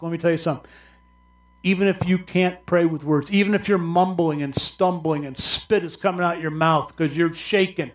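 A man with a high-pitched voice preaches with passion. His delivery climbs into loud, raised cries, then drops to low, quiet asides. It sounds like a heartfelt weekly church message. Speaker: pastor. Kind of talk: sermon.

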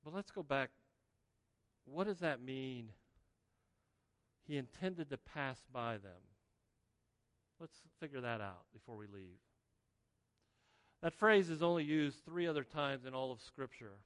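A man preaching a sermon as pastor, telling the story in an animated way and acting out the scenes. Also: mid-range voice, clean tone. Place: church sanctuary. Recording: long reverb of a large hall.

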